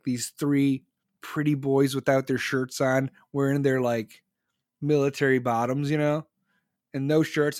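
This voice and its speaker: A man's voice: medium pitch, dry recording, studio quality. A man in his forties in casual, profane, rambling chat, reading and answering comments from his audience.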